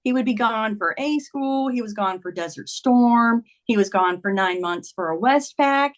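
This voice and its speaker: A woman's voice: on the high side, expressive, moderate pace. A woman in her fifties, a podcast guest, earnestly retelling a personal story in conversation, with many "like"s.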